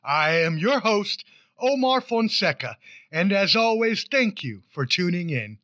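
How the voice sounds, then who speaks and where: A man hosting a casual sports podcast, animated and playful, with sudden loud bursts and fast rambling runs. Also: sits high, no room sound. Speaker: podcast host. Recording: dry, slightly muffled podcast mic.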